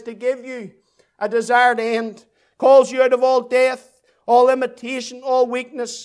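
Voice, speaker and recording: A man with a Northern Irish accent preaching an evangelistic sermon, building fervent, rhythmic repetitions as he appeals to listeners. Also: very high-pitched.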